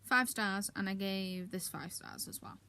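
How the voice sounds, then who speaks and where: A woman's voice: medium pitch, measured pace, bright, forceful tone. A woman giving a casual, candid wrap-up of her monthly reading, chatty with frequent filler ums and blunt asides. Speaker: book reviewer.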